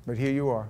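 A man preaching at a Bible study in a folksy, conversational manner. He reads scripture aloud and comments as he goes. He drops into quiet asides, then rises to loud, emphatic stretches. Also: mid-range voice. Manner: folksy, animated, swings from soft asides to loud emphatic reading. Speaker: pastor leading a Bible study. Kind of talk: conversational sermon.

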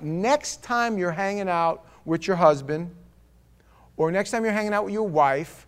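Emphatic New York-accented preacher. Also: male voice, measured pace, smooth. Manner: emphatic, swings between loud punches and low asides. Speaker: pastor. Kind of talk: conversational sermon with storytelling.

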